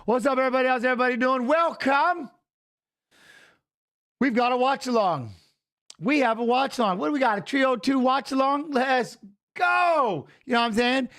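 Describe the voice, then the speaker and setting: High-voiced chatty male stream host. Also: normal speed, a bit bright. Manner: chatty, greets viewers by name, peppers talk with "you know what I'm saying". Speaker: livestream host. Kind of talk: casual live-stream chat.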